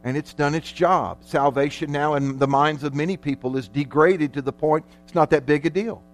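A man delivers a sermon from the pulpit in a fairly high voice. He preaches emphatically, stretching out important words and rising in volume. A faint mains hum sits under the recording. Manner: emphatic preaching with dramatic slowdowns and loud peaks. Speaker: pastor.

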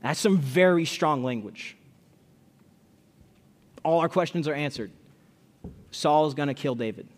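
A man preaching a sermon, reading scripture and then talking it through in plain, conversational language. His voice sits a little high for a man, and he often doubles back on his words. The sound carries the long reverb of a large church hall. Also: animated, a little slow, long pauses. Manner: conversational, repeats words, reads scripture aloud. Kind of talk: expository sermon.

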